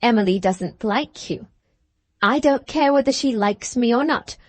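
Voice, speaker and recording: A woman's voice: on the high side, lively intonation, a little slow, darkish tone, dry recording. A woman voicing a hard, bitter young schoolgirl who talks with satirical scorn in an audiobook. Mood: mocking. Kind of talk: audiobook character reading.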